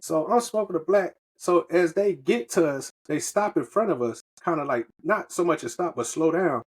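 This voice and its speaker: A man's voice: on the high side, expressive, moderate pace, breathy edge. A man from the US, telling a loose, profane story on a podcast in casual slang. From Southern United States. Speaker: podcast co-host.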